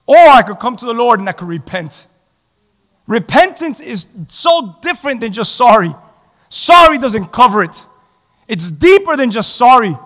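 A male pastor preaches with a strikingly high voice, moving between joking asides and shouted emphasis. His sermon rings out in a church sanctuary with a long, trailing reverb. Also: very animated, normal speed.

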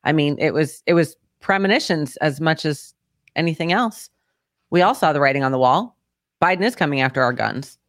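A man's voice: fairly high pitch, expressive, a little fast, fairly bright tone, dry recording, studio quality. A man hosting a podcast, chiming in emphatically to back up his guest. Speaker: podcast host. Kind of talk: casual podcast chat.

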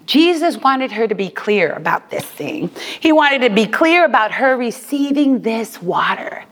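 A woman preacher giving a sermon, animated and emphatic, repeating her key lines. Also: on the high side, a little slow, long reverb tail.

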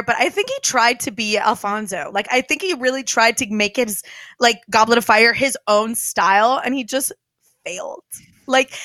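A young woman co-hosting a podcast in casual chat, animated and giggly, scattering "like" through her talk. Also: a little high, no room sound. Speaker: podcast co-host.

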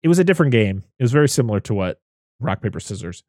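Animated man recapping a movie. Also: rapid-fire, no room sound, clean studio sound. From Western Massachusetts. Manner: animated, swearing, acting out quotes in high voices. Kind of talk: casual movie recap chat.

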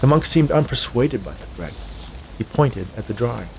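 A man reading a dark tale aloud in a measured, scripted storytelling manner. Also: mid-range voice, animated, gravelly, slight background noise. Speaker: narrator. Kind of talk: scripted audiobook narration.

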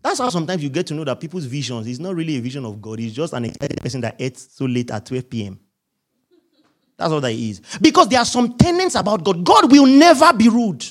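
A male pastor delivering a humorous, animated sermon to his congregation. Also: on the high side, a little fast.

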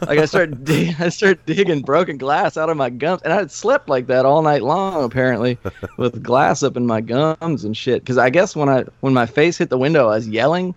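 A man's voice: a little high, moderate pace, no room sound. A man in his forties from Nashville, a former punk musician, talking as a podcast guest with rambling, profane stories and frequent chuckles. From Nashville, USA. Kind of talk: casual storytelling. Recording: dull, lo-fi, dry.

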